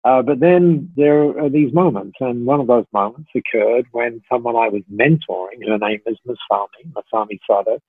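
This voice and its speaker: A man's voice: medium pitch, moderate pace, hardly any pauses, husky, no room sound. A middle-aged man telling a story as a podcast guest, chatty and full of fillers and restarts. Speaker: podcast guest, company founder. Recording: tinny phone-like line, dry.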